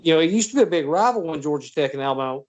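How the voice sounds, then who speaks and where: A man's voice: fairly high pitch, lively intonation, racing, darkish tone. A man hosting a casual football chat, telling long stories full of fillers and restarts. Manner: rambling storyteller with many fillers. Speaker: podcast host.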